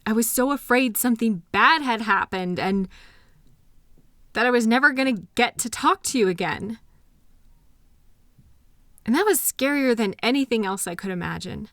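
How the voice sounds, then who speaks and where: An anxious, devoted girlfriend, voiced by a woman in an intimate audio roleplay, speaking in a slightly high, pleading voice. She sighs often and sounds worn out after a sleepless night. The recording is close and dry. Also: expressive, moderate pace, long pauses, fairly bright tone, no room sound. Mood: worried, pleading.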